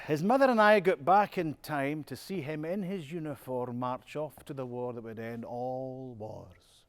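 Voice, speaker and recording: An actor playing an older Scottish music-hall star in a stage monologue, telling stories with a chuckling, self-mocking manner. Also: male voice, fairly high pitch. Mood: wistful reminiscing. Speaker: music-hall performer in a one-man stage show. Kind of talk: theatrical monologue.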